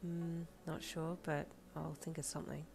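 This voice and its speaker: A woman voicing a quiet, teasing young female musician girlfriend in a soft, low, hushed tone, in a fan fiction audio story. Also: little pitch movement, normal speed, gravelly, a little hiss or hum.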